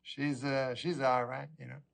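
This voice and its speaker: A middle-aged man doing a stand-up comedy routine, rambling with a deadpan delivery. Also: mid-range voice, a little slow, creaky.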